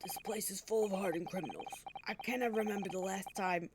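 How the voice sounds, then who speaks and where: A woman streamer playing a game and reading it aloud, excitable and self-deprecating. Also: mid-range voice, a little fast, breathy edge. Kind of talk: let's play, reading game text aloud.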